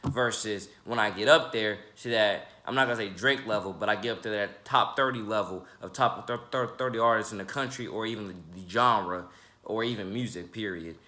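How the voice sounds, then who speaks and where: A young man in his twenties talks loosely to his viewers in a deep voice. His tone has a bright, forward edge, and he rambles, trips over his words and fills gaps with ums and repeats. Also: a little fast. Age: 20s. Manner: rambling, stumbles and repeats words, many fillers. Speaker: independent rapper and YouTuber. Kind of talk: casual vlog talk to the camera.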